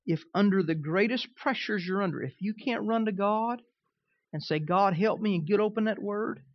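A man preaching as a pastor, swinging between loud, emphatic lines and quiet, conversational asides. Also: high voice, normal speed, no echo, highs cut off. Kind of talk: sermon.

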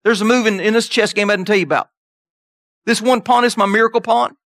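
A man preaching a sermon voices God as a calm, amused figure who has outplayed the devil, in a matter-of-fact, playful way. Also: high voice, fast talker, dry recording, studio quality.

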